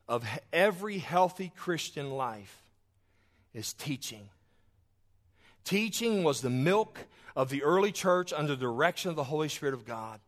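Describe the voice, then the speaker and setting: A man delivers a sermon to his congregation. His voice sits a little high, and he swings between loud, emphatic declarations and quiet, almost whispered asides, folding in homey stories as he preaches. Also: animated, normal speed. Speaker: pastor. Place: church sanctuary, also streamed online.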